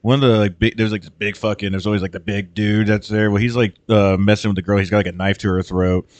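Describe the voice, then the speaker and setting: A man's voice: fairly low pitch, flat delivery, fast, no room sound. A man casually retelling a movie on a podcast, rambling, swearing often and acting out the characters' lines. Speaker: podcast host.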